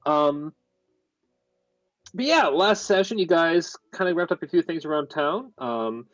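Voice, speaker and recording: A man's voice: a little high, lively intonation, unhurried, no echo. A man game master recapping a tabletop session in a rambling, chatty way full of fillers. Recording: dull lo-fi, dry.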